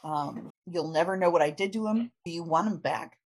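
A woman voicing a calm, eerie ghostly villain in a comic recap. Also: lowish voice, normal speed. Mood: ominous.

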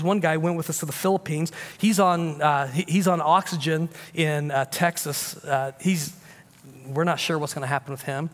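A man's voice: a little high, in a large hall. A man pastor preaching a sermon, swinging between emphatic declarations and casual, confiding talk.

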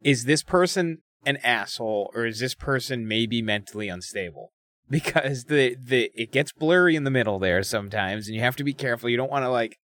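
Podcast guy joking around, mid voice, bouncy pitch, dry mic. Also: expressive, a little fast, fairly bright tone, no echo. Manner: chatty, joking, laughs between remarks. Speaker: podcast co-host. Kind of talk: casual chat.

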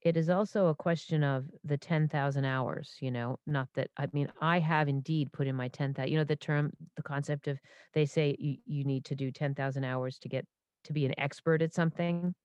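A woman in her fifties, a stage impressionist, talks in a low voice. She is animated and keeps interrupting herself with asides. The sound is dry and close. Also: moderate pace, no echo, highs cut off. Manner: animated, self-interrupting, full of restarts and asides. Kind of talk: casual interview storytelling.

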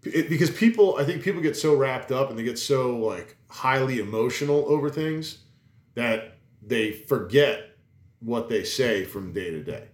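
A man's voice: mid-range voice, lively intonation, moderate pace. A man chatting casually on a podcast, rambling and emphatic, swearing, with many restarts. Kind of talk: casual chat. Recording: roomy echo.

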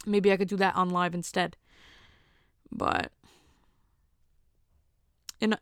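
A chatty woman hosts her podcast alone and rambles in a self-mocking way. Her voice is smooth and clear. The sound is close and dry. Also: on the low side, level tone, slow, long pauses, a bit bright, dry recording. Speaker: podcast host. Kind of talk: casual solo monologue.

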